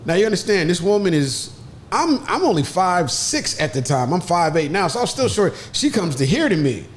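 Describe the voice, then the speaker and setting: Animated storytelling man, higher voice. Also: moderate pace, slight background noise. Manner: lively, acts out quoted voices with big pitch jumps. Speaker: podcast guest.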